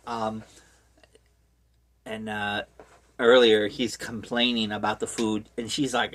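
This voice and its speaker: Husky, slow-talking horror book reviewer. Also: medium pitch. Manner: rambling, deadpan, full of fillers and asides. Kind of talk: casual comic book recap.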